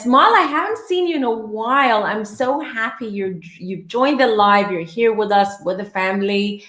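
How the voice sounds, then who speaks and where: A woman hosting a live tarot show, chatting in a warm, upbeat way and greeting viewers by name. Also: on the high side, moderate pace, reverberant. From Greece. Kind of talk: casual live-stream chat.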